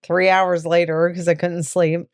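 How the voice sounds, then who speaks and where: A young woman co-hosting a casual chat show, playful and giggly, with quick asides. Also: fairly low pitch, level tone, clear, resonant tone, dry recording, clean studio sound. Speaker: co-host.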